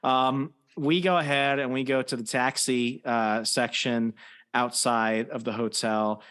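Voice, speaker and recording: A man hosting a podcast, telling a wild anecdote among friends in a lively, profane manner. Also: medium pitch, unhurried, smooth. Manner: animated, profane anecdote teller. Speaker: podcast host. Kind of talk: casual storytelling among friends.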